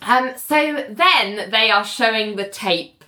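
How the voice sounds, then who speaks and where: A woman's voice: on the high side, slow pace, a crowd in the background. A woman co-hosting a casual chat, animatedly retelling a TV episode, slipping into the characters' voices and laughing often.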